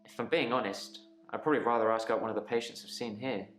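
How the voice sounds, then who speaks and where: A man's voice: lowish voice, fairly even intonation, quick pace, fairly bright tone, reverberant, soft background music, natural voice. A man playing a subdued, regretful game patient. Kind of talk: acted video game dialogue.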